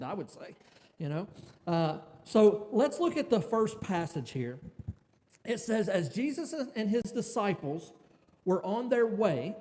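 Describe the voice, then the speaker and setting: A man's voice: sits high, mellow, big-room sound. A man giving a conversational church sermon, stumbling and restarting often and filling gaps with "you know". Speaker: preacher.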